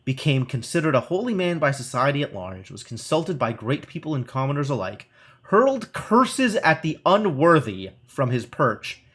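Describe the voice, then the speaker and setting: A man's voice: on the high side, sing-song, normal speed, fairly bright tone. A man streaming live, reading a gamebook aloud with wry asides as he plays.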